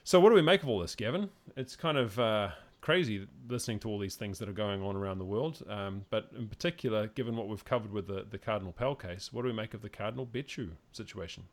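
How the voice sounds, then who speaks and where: A man's voice: fairly low pitch, quick pace, hardly any pauses. A man from Australia hosting a casual podcast, talking in a rambling way with many fillers and restarts, reading news stories aloud. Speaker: podcast host.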